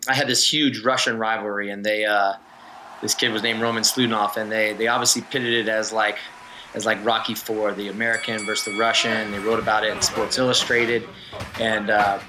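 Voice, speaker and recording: Here the same kind of relaxed interview chat comes from a man who used to swim competitively; he tells laid-back stories and laughs frequently. His voice sits lowish, and there's noise in the background.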